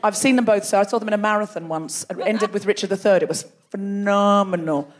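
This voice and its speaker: A woman's voice: medium pitch, fairly quick. A woman hosting a comedy podcast on a theatre stage, bantering playfully with the crowd and laughing often. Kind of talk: live stand-up audience banter. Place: large theatre before a live audience.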